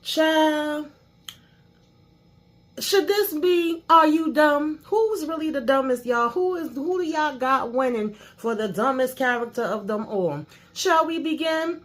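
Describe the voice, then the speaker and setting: A woman's voice: sits high, slow pace. A woman hosting a casual TV episode recap, sassy, ranting and swearing freely. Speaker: host of a TV recap channel.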